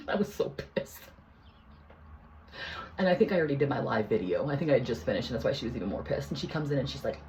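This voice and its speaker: A woman vlogger telling a personal story in a heated, profane, rambling way. She keeps restarting her sentences and swings between hushed asides and near shouting. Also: very deep voice, sing-song, quick pace, pauses often, slight background noise, rough recording. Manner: rambling with many restarts and fillers.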